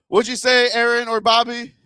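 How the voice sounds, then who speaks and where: A man's voice: extremely high pitch, sharp tone, clean tone, dry recording, studio quality. A man doing a stand-up comedy set in a club, chatting with the crowd, rambling and laughing at his own jokes.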